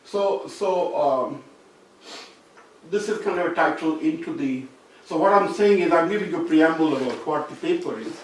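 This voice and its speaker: A man with a fairly high voice lectures at a seminar, explaining patiently and circling back to rephrase his points. He sounds far from the mic, in a heavily echoing room. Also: animated, moderate pace, a little hiss or hum. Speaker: seminar speaker. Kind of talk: academic lecture. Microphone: distant room mic.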